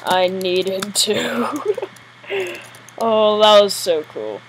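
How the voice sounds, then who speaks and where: A woman commentating her own gameplay live, excitable and jittery, often giggling. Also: medium pitch, very slow, background noise. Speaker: gamer.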